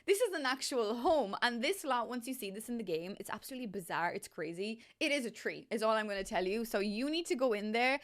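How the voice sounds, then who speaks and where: Bubbly woman, slightly high voice. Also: animated, brisk, few pauses. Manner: bubbly, gushing, laughing, rambling. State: emotional, close to tears. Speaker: YouTuber, game builder. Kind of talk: excited casual vlog chat.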